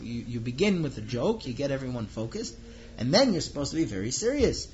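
A man telling a teaching story in an informal lesson, animated and acting out the characters' lines. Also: mid-range voice, fairly quick, highs cut off, a little hiss or hum.

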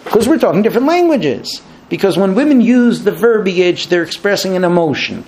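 A man giving a lecture, animated, acting out quoted exchanges in raised voices. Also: high-pitched, brisk. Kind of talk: spoken lecture to an audience.

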